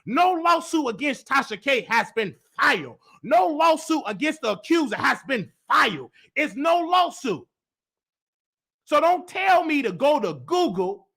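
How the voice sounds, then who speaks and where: Animated, bright-voiced man ranting. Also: extremely high pitch, unhurried, vocal fry. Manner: animated, emphatic, repetitive, with acted-out quotes. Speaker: host. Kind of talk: heated live-stream rant.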